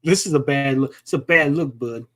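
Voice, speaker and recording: A man's voice: medium pitch, moderate pace, a bit bright. A man co-hosting a livestream, joking in crude, mocking banter and tagging lines with "bud". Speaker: livestream co-host. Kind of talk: crude casual banter on a stream.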